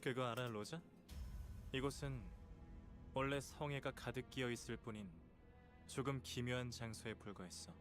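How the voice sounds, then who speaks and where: A man's voice: medium pitch, steady tone, very fast, long pauses, over music, lightly acted. An actor voicing a male video game character who talks in a cool, knowing, teasing way. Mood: taunting.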